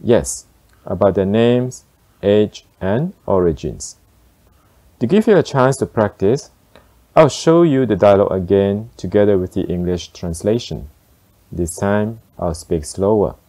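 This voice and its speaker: A man teaching beginner German phrases, explaining slowly and deliberately. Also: on the low side, animated, mellow. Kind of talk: beginner language lesson.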